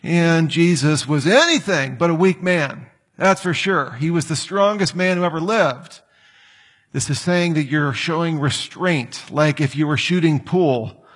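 A man's voice: fairly high pitch, a little slow, fairly bright tone, husky. A man preaching a sermon, reading scripture and breaking into joking asides. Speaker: pastor.

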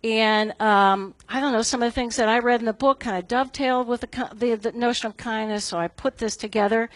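A woman's voice: fairly high pitch, no room sound. A middle-aged woman gives a casual devotional talk at a Bible study. She is conversational and self-deprecating, and often checks in with "right?".

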